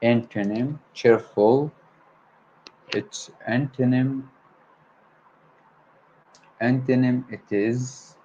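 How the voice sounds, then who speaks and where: An Arabic-speaking man with a low voice hosts a solo livestream practicing English vocabulary, saying words over and over and stumbling before correcting himself. A faint hiss sits in the background, and the high frequencies are cut off.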